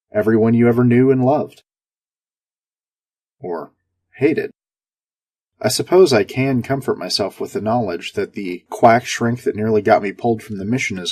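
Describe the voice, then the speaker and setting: A man's voice: medium pitch, darkish tone, breathy edge. A man narrating a first-person sci-fi story in a sardonic, darkly comic tone.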